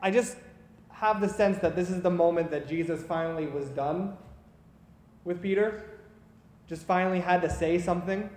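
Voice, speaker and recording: A man's voice: sits high, moderate pace, pauses often, darkish tone, echoey room, in a large hall. A man preaching a sermon, retelling stories in an earnest, conversational way.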